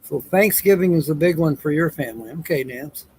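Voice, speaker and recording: A man's voice: on the high side, fairly quick, a little mellow, husky, poor audio. A tired man hosting a casual livestream, telling jokes and reading viewer comments aloud with frequent chuckles. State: tired, yawning. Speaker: livestream host.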